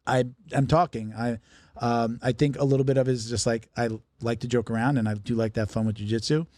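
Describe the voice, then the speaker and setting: A podcast host in his fifties chats casually and jokes around in a loose, easygoing style. His medium-pitched voice is steady and a bit dark, he talks fast, and there's no echo.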